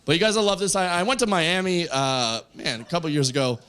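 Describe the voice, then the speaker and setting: A man doing stand-up storytelling on a comedy stage, acting out the voices in his stories loudly. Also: fairly high pitch, brisk. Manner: animated, acts out quoted voices loudly. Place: comedy stage with a live audience. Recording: live club show, faint crowd noise.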